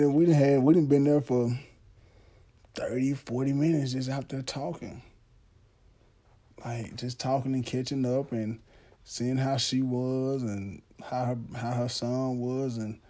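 Dark-voiced candid man in his thirties. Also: medium pitch. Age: 30s. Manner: loose and candid, with frequent laughs and filler like "man". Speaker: podcast host. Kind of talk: casual storytelling monologue.

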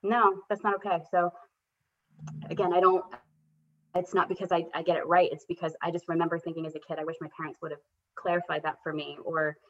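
A woman's voice: on the low side, little pitch movement, a little fast, a bit bright, slight background noise. A woman in her thirties, a guest telling a candid story about parenting with self-deprecating humor, livening up when she quotes her children. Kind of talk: casual conversational storytelling. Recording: dull lo-fi audio.

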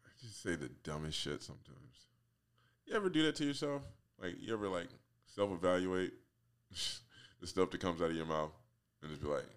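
A man's voice: sits low, expressive, normal speed, clean tone. A man in his forties hosting a solo podcast, rambling casually, swearing freely and laughing at himself. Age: 40s. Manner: laughs often, swears freely, self-mocking. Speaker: podcast host.

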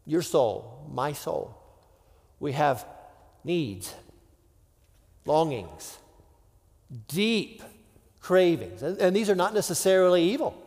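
A male pastor with a high voice delivers a sermon at an unhurried pace. He talks it through conversationally, sinking to hushed, near-whispered words and acting out imagined voices. The long reverb of a church sanctuary trails behind him. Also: expressive.

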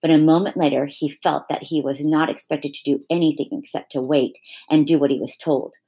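Low-voiced woman reading a storybook. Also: fairly even intonation, a little fast, mellow, slightly rough. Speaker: reader. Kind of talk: reading a children's novel aloud.

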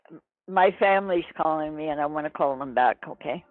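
A man's voice: a little high, brisk, no echo. A man on the phone, polite but growing exasperated. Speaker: caller on the phone. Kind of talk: phone call. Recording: tinny phone line.

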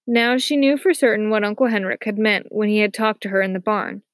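Female narrator for a children's novel: steady, soft-spoken, mid-pitched, recorded dry and close. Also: fairly quick, no echo. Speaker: audiobook narrator. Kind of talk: scripted narration.

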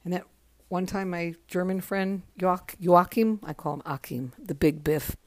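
A woman in her forties hosting a podcast, talking casually in a soft, halting way, worn out from crying. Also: lowish voice, no room sound. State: exhausted from crying. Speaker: podcast host. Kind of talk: casual spoken tribute monologue.

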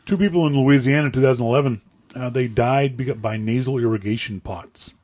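A man's voice: medium pitch, fairly quick, darkish tone. A man from Nova Scotia, Canada, telling rambling stories in a casual chat as co-host, with many restarts. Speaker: podcast co-host.

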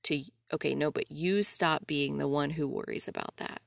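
A young woman hosts a solo podcast in a casual, confessional way, animated, quick to laugh and unafraid to swear. Her voice sits low with a gravelly fry. The sound is close and dry, with no room around it. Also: no room sound. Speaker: podcast host.

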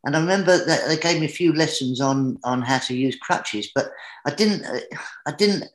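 A man's voice: on the high side, moderate pace. English man telling a comic story, roomy sound. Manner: lively, building excitement as the story climbs. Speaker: guest entertainer. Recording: roomy echoey room.

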